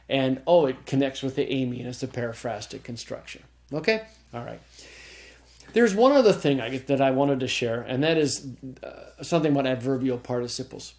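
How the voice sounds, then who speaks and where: A recorded classroom lecture captures a man teaching Greek grammar in a mid-range, somewhat mellow voice. Checking in with "okay?" and frequently starting his sentences over, he explains the material step by step.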